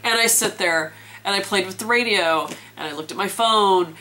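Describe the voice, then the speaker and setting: A woman's voice: mid-range voice, normal speed, sharp tone, a little hiss or hum. A woman vlogging in a chatty, self-mocking way and laughing often, talking from outdoors and from inside a parked car. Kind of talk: casual storytelling vlog.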